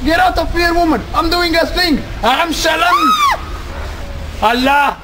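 A teenage boy putting on a brusque foreign man in a comedic school sketch, speaking broken English in shouted snippets. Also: very high voice, a little slow. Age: teens. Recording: distant mic, loud hiss and clicks.

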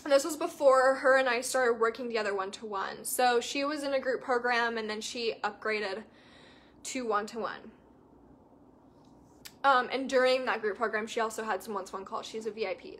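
A woman's voice: on the high side, moderate pace, fairly bright tone. A young adult woman coach chatting casually with viewers in an enthusiastic, emphatic way. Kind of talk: casual live chat to viewers.

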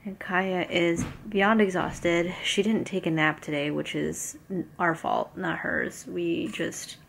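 A young mother talking casually to her handheld camera at home at night. Her voice sits a little low, and she rambles along with plenty of "like" and "um." A faint hum of household ambience hangs behind her. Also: steady tone, takes it slowly, gravelly, a bit bright. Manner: chatty, rambling, lots of "like" and "um". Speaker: family vlogger, mother.

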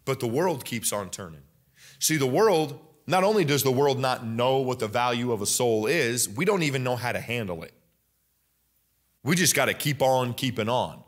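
A young adult man with an American Midwest accent preaching a sermon in a church, rising higher and louder at the climaxes. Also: lively intonation, normal speed. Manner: emphatic preaching, rising loud and high at climaxes. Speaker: pastor.

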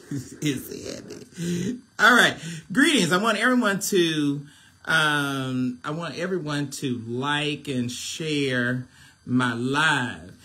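A man's voice: fairly high pitch, takes it slowly, bright, forceful tone. A man, hosting a casual phone livestream as a minister, chatty and preachy, often laughing.

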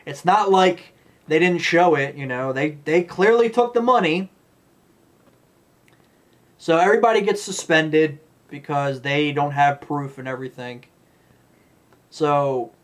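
A man giving a rambling, blunt, profane movie review rant. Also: a little high.

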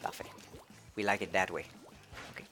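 A man streaming a video game live, chatting playfully and excitedly. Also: low-pitched, normal speed, faint music behind. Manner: playful, excitable, switching between English and French. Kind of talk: casual live-stream commentary.

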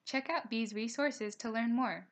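A young woman narrating a recorded slideshow language lesson, reading each slide aloud at a steady pace and slowing down for pronunciation notes. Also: fairly high pitch. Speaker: teacher.

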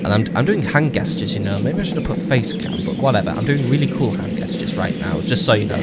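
Speaking fast with few pauses in a low, animated voice, this jokey man gives let's play commentary on a strategy game. He chats, cracks jokes, curses, and addresses the in-game leaders while game music plays.

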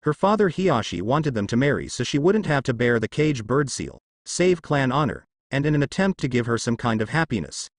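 A man's voice: mid-range voice, sing-song, a little fast, few pauses, no echo, clean studio sound. Man reading a weary old village leader. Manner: sighing, explaining.

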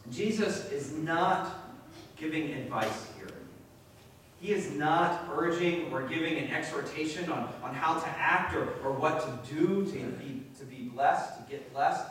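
A pastor with a New England accent preaching a conversational sermon in a church, with frequent fillers and restarts. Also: male voice, fairly high pitch, unhurried, a bit bright. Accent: New England American. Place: church sanctuary. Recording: very echoey church from a distance.

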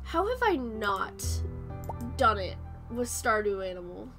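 A woman streaming a farming game, chatting casually and squealing with excitement over cute animals. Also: mid-range voice, measured pace. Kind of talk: casual gameplay chat. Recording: game music playing underneath.

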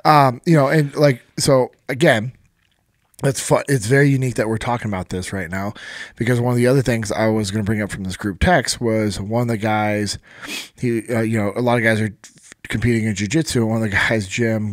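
A man's voice: lowish voice, fairly even intonation, moderate pace, no room sound, clean studio sound. A man hosting a podcast, chatting casually and laughing while he retells stories from a group chat. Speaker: podcast host.

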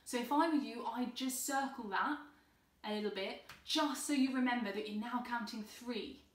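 Speaking at a moderate pace in a fairly high voice, a woman guides beginners through cello in an online tutorial. Her step-by-step instructions are patient and encouraging, and the recording sounds roomy, from a distant mic, with cello.

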